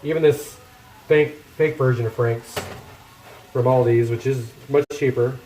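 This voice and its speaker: A man's voice: mid-range voice, fairly even intonation, unhurried, dark tone, roomy sound, a little hiss or hum. A man chatting casually to his viewers while cooking in a home kitchen, rambling and poking fun at himself. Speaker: cooking streamer. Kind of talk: casual cooking chat with live chat.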